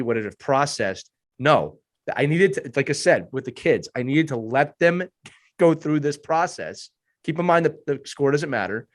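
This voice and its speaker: Hoarse man, earnest podcast coach. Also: mid-range voice. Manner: earnest and emphatic, repeats points for stress. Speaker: youth hockey coach and podcast panelist. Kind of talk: podcast panel discussion.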